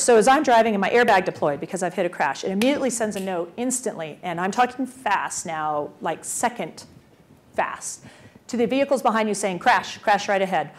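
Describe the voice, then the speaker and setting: With a mid-range voice, a female transportation official presents energetically at a conference, filling her talk with rhetorical questions.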